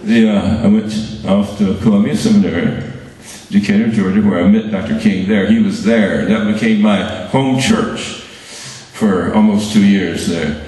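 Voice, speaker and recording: A man, giving an award speech and telling his story haltingly, with dry humor. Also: fairly low pitch, darkish tone, slight background noise. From Birmingham, Alabama. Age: 70s. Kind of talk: reminiscing speech to an audience. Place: large hall at an awards event. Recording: very echoey hall, mic far off.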